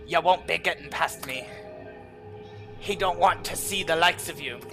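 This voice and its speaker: A man voicing a huge, gruff man who sounds Irish and guards a mansion in a game, speaking slowly and dismissively. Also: fairly high pitch, over music, natural voice. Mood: surly. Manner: slow, surly and dismissive.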